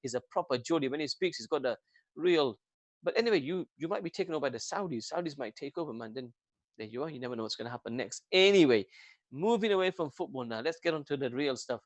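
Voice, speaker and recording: A man hosting a local radio show in casual chat, jokey and rambling, with a British accent, getting excitable and reading phone numbers out slowly. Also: fairly high pitch, no room sound. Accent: British English. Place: radio studio.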